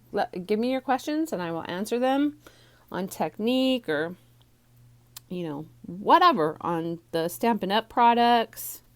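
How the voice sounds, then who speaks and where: A woman teaching a stamping card class from home, chatty and rambling with many ums, a little out of breath, recorded on a phone on a small tripod. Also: medium pitch. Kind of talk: casual craft tutorial.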